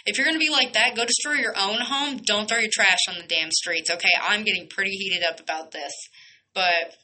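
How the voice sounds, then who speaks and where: Fiery, bright-voiced woman radio host. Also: mid-range voice, brisk, rough recording. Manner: fiery, blunt, swears, rhetorical questions. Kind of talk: heated solo radio rant.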